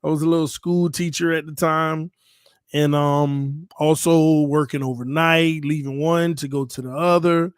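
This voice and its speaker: A man's voice: on the high side, fairly even intonation, measured pace, smooth, no echo, studio quality. A man in his thirties hosting a casual live stream, talking in a heartfelt, playful way. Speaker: channel host.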